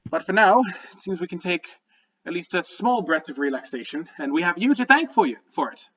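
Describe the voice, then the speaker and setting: A man's voice: high-pitched, expressive, brisk, a bit bright, breathy edge, lo-fi sound, pitched above the performer's own voice, exaggerated voice. A man voicing a fussy, sweaty, middle-aged gnome town leader who talks in a flustered rush. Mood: huffy.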